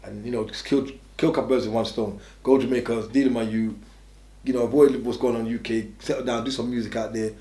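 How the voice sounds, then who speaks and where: Fast-talking blunt man, roomy sound. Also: medium pitch, steady tone, mellow. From England. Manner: blunt, rambling, restarts a lot. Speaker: interviewee. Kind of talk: candid storytelling. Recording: roomy echo.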